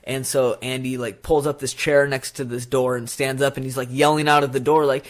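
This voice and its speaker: A man's voice: mid-range voice, normal speed, hardly any pauses. A young man co-hosting a podcast, retelling film scenes in a casual chat and acting out the lines. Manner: animated retelling with acted-out quotes. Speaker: podcast co-host.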